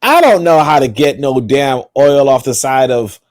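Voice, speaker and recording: A man's voice: medium pitch, expressive, normal speed, dry recording, studio quality. A man co-hosting a podcast, talking in a rambling, emphatic, profane way. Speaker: podcast co-host. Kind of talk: casual opinionated chat.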